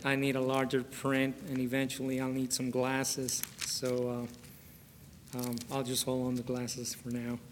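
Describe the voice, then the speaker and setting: A middle-aged man preaching a sermon as pastor, chatting in a folksy way, then reading scripture slowly and praying fervently. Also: mid-range voice, completely flat delivery, a little hiss or hum. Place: church sanctuary. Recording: long reverb of a large church hall.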